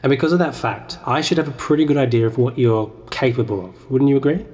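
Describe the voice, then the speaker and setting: A man's voice: medium pitch, fast talker, darkish tone. A man, hosting a podcast and rambling in a self-deprecating comic monologue as he argues with himself. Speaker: podcast host. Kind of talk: comedic sketch monologue.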